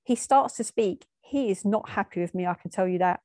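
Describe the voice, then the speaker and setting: A woman telling a painful personal memory, tearful and halting, often stopping and restarting. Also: medium pitch, darkish tone, no room sound, studio quality. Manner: halting, emotional storytelling with restarts. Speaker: storyteller. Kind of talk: personal spoken memoir.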